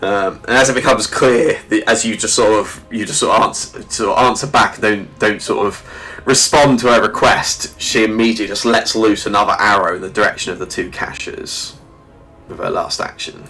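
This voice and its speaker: A man running a tabletop game, describing the action with lots of "sort of" and self-corrections. His voice sits somewhat low but sounds bright and forward. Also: fairly even intonation, soft background music. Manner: halting, full of "sort of" and restarts. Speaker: game master.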